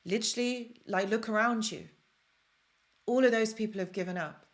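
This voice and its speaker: A woman's voice: fairly high pitch, normal speed. A woman hosting a live-stream self-help talk, speaking earnestly and emotionally and repeating phrases for emphasis.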